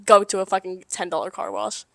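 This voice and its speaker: A young woman co-hosting a casual podcast, telling a story in an animated way with lots of swearing and laughter. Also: medium pitch, fairly quick, creaky, no echo. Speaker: podcast co-host. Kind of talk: casual chat.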